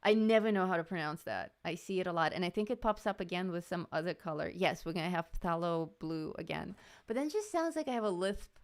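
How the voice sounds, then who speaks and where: A woman's voice: on the low side, animated, fast. Chatty woman hosting a live stream. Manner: chatty, laughs often, greets chat viewers. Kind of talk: casual live-stream chat while coloring.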